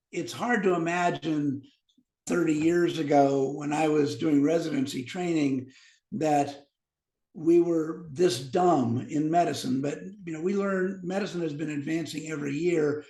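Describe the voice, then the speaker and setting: A physician in his fifties, guesting on a podcast, tells medical anecdotes at a measured pace in a fairly high voice, and the room sounds echoey. He tells his stories with animation and acts out the dialogue.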